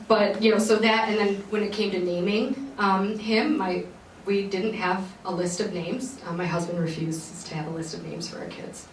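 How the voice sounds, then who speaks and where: A woman's voice: medium pitch, a little fast, recorded from a distance. A young adult woman hosting a podcast, earnestly telling a long personal story, rambling with many fillers and restarts. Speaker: podcast host. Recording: roomy echo, voice a bit off-mic, faint background noise.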